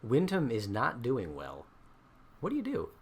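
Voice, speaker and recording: A man running a tabletop game as dungeon master, narrating with animated swings between hushed and loud delivery. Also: medium pitch, unhurried, breathy edge.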